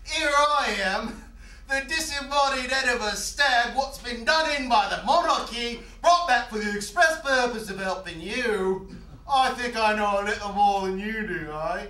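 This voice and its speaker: A man performs a full character voice as a talking mounted stag head, wry and meddling, slyly chiding a politician in mock-British fashion. His very high pitch carries a sharp tone at a slightly slow pace. The recording is distant, on an echoey stage.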